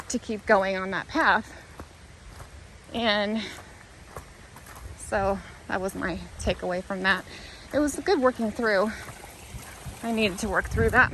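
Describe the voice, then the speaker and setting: A woman's voice: mid-range voice, a bit bright, slight background noise, low-quality recording. A woman talking to the camera while walking a hiking trail outdoors, thinking aloud in an earnest, rambling, reflective way. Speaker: vlogger.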